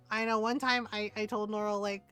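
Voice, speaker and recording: Middle-aged woman, game streamer, casual rambling chat, frequent giggles, mid-pitched voice, faint background music. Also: fairly bright tone, clear, resonant tone. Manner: rambling and giggly, laughs often.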